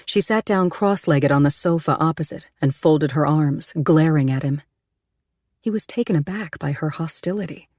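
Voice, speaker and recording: A woman narrating an audiobook in a steady, measured storytelling voice, pitched a little low. The recording is close and dry, with no room sound. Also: no echo. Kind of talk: scripted narration.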